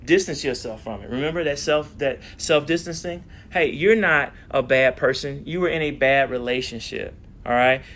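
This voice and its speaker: A man with a mid-range voice delivers a lively, faith-based self-help talk in a preacherly rhythm. He keeps checking in with his listeners, stressing key points with energy. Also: mid-range voice, normal speed, few pauses, slight background noise. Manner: energetic, preacherly, repeats "all right?". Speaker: psychologist giving a live online talk.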